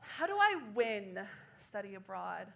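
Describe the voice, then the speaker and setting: A woman in her twenties performing a solo comedy show on a small theater stage, laughing through quick self-deprecating asides. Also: mid-range voice, big pitch swings, vocal fry, a little hiss or hum. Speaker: stand-up comedian.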